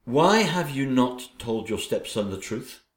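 A man doing a quiet, stern woman giving a warning. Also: mid-range voice, big pitch swings, unhurried, reverberant.

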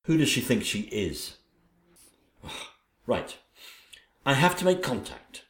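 A man playing a gloating wicked stepmother queen, slow and theatrical. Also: medium pitch, very animated, fairly bright tone, reverberant, exaggerated voice. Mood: gloating, haughty. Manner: theatrical, gloating, drawn-out delivery. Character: scheming vain wicked stepmother queen, female.

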